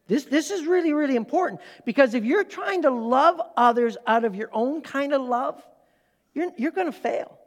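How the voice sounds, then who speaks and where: A man's voice: very high voice, animated, normal speed. A middle-aged man preaching a sermon in a plain, conversational way, pressing hard on key words. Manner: emphatic, conversational, rising to strong stress. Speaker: pastor. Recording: long reverb of a large hall.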